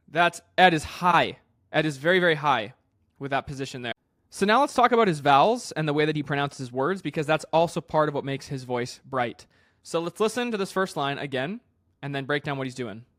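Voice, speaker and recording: A vocal coach with a fairly high male voice walks through a singing lesson, breaking into sung demonstrations along the way. His explanations are relaxed and chatty, fairly quick, and full of fillers and restarts. The sound is close and dry, with little room echo.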